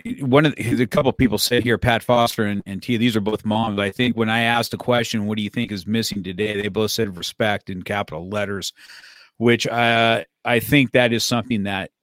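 A man's voice: fairly low pitch, steady tone, brisk, fairly bright tone, dry recording, clean studio sound. A middle-aged man and martial arts school owner talking in casual conversation, rambling with frequent restarts and easy laughter, recorded in his office.

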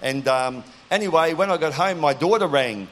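A man's voice: on the high side, expressive, moderate pace, fairly bright tone. A middle-aged man preaching a sermon, earnest and direct, telling stories to his audience.

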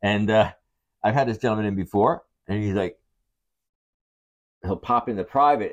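A middle-aged man co-hosting a casual podcast, joking and swearing, often dropping into a mock-deep seductive voice. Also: brisk, lo-fi sound. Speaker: podcast co-host. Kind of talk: casual chat.

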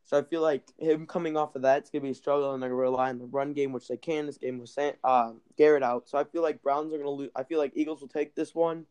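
A man's voice: on the high side, fairly even intonation, quick pace, few pauses, a little mellow, smooth. A young man co-hosting a casual sports podcast, laid-back and a little hesitant, often saying "I feel like". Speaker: podcast co-host.

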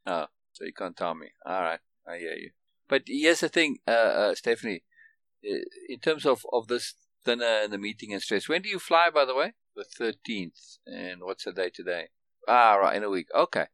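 A man's voice: on the low side, lively intonation, normal speed, fairly bright tone, no echo. A man hosting a casual one-on-one conversation, explaining emphatically with lots of restarts and repeated words, and often checking in with "right?". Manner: keeps checking understanding with "right?". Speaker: podcast host.

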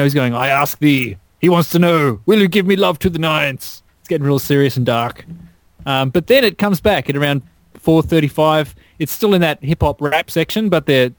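A man excitedly breaking down a song's arrangement in a casual podcast chat. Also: a little high, dry recording. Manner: enthusiastic, detailed song analysis. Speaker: podcast co-host. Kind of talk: casual music discussion.

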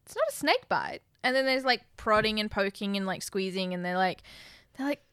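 A woman recapping a film in a lively, giggly casual chat, acting out the characters' lines. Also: mid-range voice, a little fast, clean tone, no room sound, clean studio sound. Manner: animated, giggly, acts out quotes. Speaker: podcast co-host.

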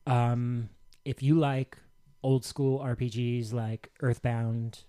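A man's voice: mid-range voice, flat delivery, slow, warm tone, smooth. A man on a casual podcast, eagerly explaining a game with small restarts. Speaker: podcast co-host. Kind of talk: casual chat.

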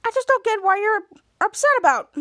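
A woman's voice: very high voice, very animated, a little fast, fairly bright tone, no room sound, studio quality, pitched above the performer's own voice, heavily acted. A woman voicing a cocky adult male superhero mentor who talks in an offhand, boastful way.

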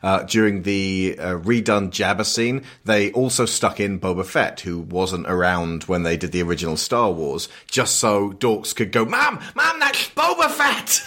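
A man co-hosting a casual film discussion, rambling and jokey with quick asides. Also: low-pitched, fairly bright tone. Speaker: podcast co-host.

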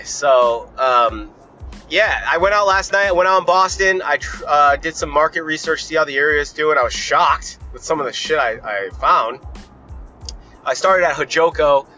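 Young guy podcast host going off on a rant, lots of swearing, bright forceful voice, low music underneath. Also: dull audio. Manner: profane, rambling, opinionated. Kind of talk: casual ranting monologue.

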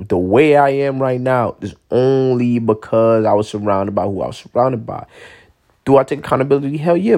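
A young man rambles bluntly through a casual monologue full of profanity, lurching from loud outbursts to low mutters.

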